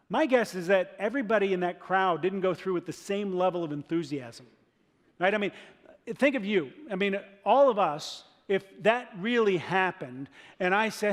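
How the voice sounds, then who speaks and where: A male pastor preaching a sermon in a church, animated, acting out the voices of people in his story. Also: sits high, moderate pace. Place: church sanctuary. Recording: long reverb of a church hall.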